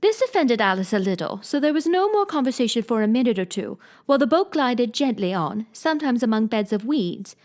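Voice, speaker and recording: A woman reading a classic storybook aloud, narrating in an expressive, gently dramatic way. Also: a little high. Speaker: reader.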